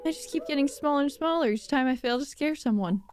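A woman voicing a small, timid ghost in a game who cannot scare anyone, speaking in a plaintive, quick way. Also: high voice, lively intonation, soft background music. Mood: sad.

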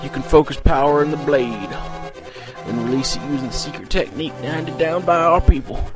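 A man's voice: fairly high pitch, fairly quick, voice pushed up, natural voice. A man doing a hammy dying uncle. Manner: hammy read-aloud of game text. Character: gruff older uncle, protective, then dying. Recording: game music playing behind.

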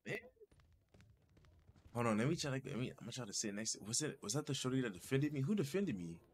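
A man's voice: medium pitch, big pitch swings, fast talker, a little hiss or hum. A man giving casual, slangy gameplay commentary and constantly saying "bro.". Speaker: gaming channel host.

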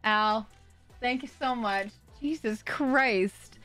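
Excitable woman streamer with faint music. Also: on the high side, slow pace. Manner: excitable, swearing, laughing, reading out donations. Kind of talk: live-stream chat with viewers.

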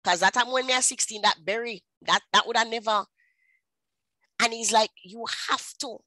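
Speaking at a women's ministry, a Jamaican woman in her thirties gives her personal testimony with animated storytelling, slipping into patois. Her voice is a little high and her pace moderate. The recording is dry and rough.

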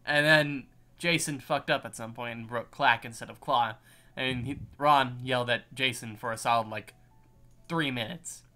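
A man's voice: mid-range voice, normal speed, pushed and bright, faint music behind. A man running a tabletop game over a voice call, narrating in a rambling way with many fillers and frequent laughs. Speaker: game master.

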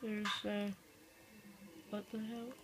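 A woman giving casual let's-play commentary, reading the on-screen text aloud and reacting quickly. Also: medium pitch, flat delivery, heavy background noise. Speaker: gamer. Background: game music.

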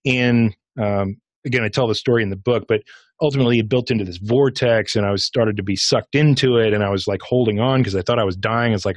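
A middle-aged man, a podcast guest and author, telling a personal experience in a casual, animated way, acting out his own inner dialogue. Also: medium pitch, fast, no echo. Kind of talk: interview storytelling.

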